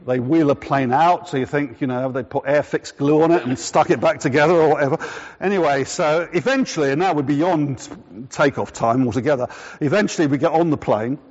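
A man preaching, telling a chatty anecdote and then slowing down to press home his points. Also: on the high side, a little mellow. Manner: chatty storytelling, slowing to deliberate emphasis. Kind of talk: sermon with a personal anecdote. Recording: echoey hall, dull lo-fi sound.

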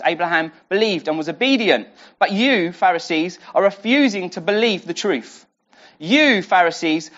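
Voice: medium pitch, fairly bright tone, dull audio. A preacher teaching a Bible passage in a conversational sermon, full of restarts and rhetorical questions.

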